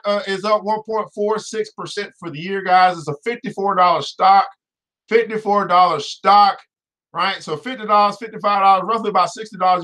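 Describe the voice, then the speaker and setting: High-voiced guy hosting a money show, lively and preachy, tosses in exclamations. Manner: energetic, preachy, exclamatory asides. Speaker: host. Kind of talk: casual finance show talk.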